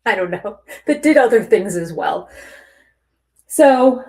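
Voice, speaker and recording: A woman's voice: medium pitch, slow. Older woman telling a chatty story. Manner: chatty, animated retelling of phone calls with laughs; acts out both sides of conversations, dropping to a near-whisper at times. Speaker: vlogger. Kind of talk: casual storytelling vlog.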